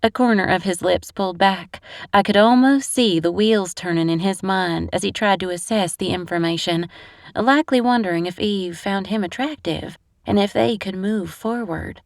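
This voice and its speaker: A woman's voice: medium pitch, moderate pace, dry recording. A woman narrating a first-person romantic comedy audiobook on a close studio mic.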